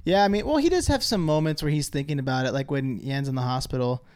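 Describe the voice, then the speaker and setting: A man co-hosting a podcast, chatting casually about a movie in an animated, jokey way and loudly acting out quotes. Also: medium pitch, fast talker, smooth, no echo, clean studio sound. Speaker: podcast co-host. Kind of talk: casual movie-review chat.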